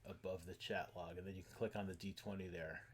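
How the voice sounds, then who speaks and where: A man running an online tabletop game as game master, explaining rules in halting, rambling sentences full of fillers. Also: low voice, flat delivery.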